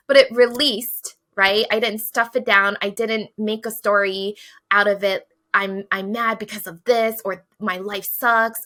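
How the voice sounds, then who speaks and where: A woman with a bright, clear voice speaks as a podcast guest. She tells stories in an animated way and acts out what she felt in quoted asides. She laughs now and then as she talks. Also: mid-range voice. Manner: animated storytelling, acts out her own quoted feelings, laughs often. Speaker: podcast guest, tarot deck author. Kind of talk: casual spiritual conversation.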